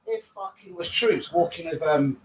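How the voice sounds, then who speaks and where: A man's voice: on the high side, huge pitch swings, moderate pace, roomy sound, poor audio. A man hosting a live stream from home, chatting loosely with viewers and swearing freely. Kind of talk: casual live stream chat. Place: room at home.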